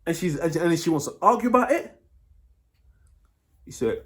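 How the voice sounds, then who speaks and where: A man's voice: fairly high pitch, lively intonation, fairly quick. Blunt British man giving dating advice. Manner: blunt, swears freely, keeps checking in with "yeah?". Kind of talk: casual advice monologue.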